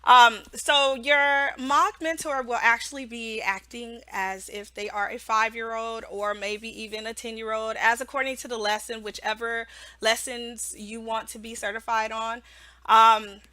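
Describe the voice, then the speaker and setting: A woman's voice: on the high side, fairly even intonation, a little slow, sharp tone, dry recording. A woman who teaches English online, giving casual how-to tips in a chatty way, often checking in with "right?" and laughing.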